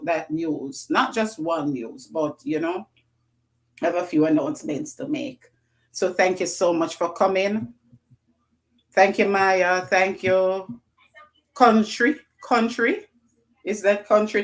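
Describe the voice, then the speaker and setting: Effusive Jamaican woman hosting a livestream. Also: lowish voice. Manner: effusive, greets viewers by name, repeats phrases. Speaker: livestream host. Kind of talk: live-stream greetings to viewers.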